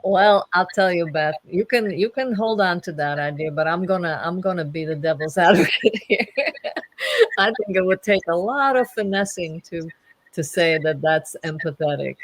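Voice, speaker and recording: A woman's voice: fairly low pitch, expressive, moderate pace, dry recording, rough recording. A woman in casual conversation who teases in a playful way and laughs often. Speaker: podcast host.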